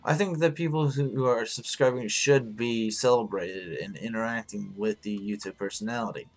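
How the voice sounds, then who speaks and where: A man hosting a live stream in casual chat, hoarse and rambling, swearing freely as he answers his viewers. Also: on the low side, normal speed, faint music behind.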